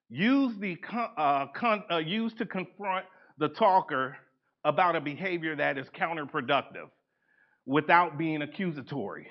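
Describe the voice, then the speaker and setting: A man leads a live seminar, his pitch sitting a little high and swinging widely as he acts out the people he talks about. He talks to the room in a loose, lively way. The recording is dull and lo-fi, like a capture from a conference room. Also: moderate pace. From United States. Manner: animated, acts out quoted people, laughs often. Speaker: workshop presenter.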